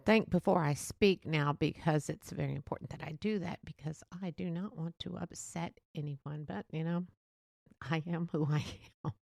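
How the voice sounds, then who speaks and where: Fast-talking woman with a gravelly voice. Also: sits low, dry recording, clean studio sound. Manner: fast-talking, rambling, laughs between thoughts. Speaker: podcast host. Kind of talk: casual solo podcast monologue.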